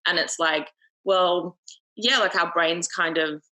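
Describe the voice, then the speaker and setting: A woman's voice: on the low side, slow, pushed and bright, rough recording. A young Australian woman, a podcast guest, talking candidly in casual conversation, swearing freely and peppering her speech with fillers. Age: young adult.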